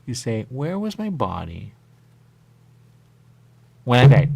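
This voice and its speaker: A man talking in a rambling, repetitive radio monologue, dropping to whispers and jumping to sudden high exclamations. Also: huge pitch swings, slow pace, vocal fry, long pauses, a little mellow, slightly rough. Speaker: radio host.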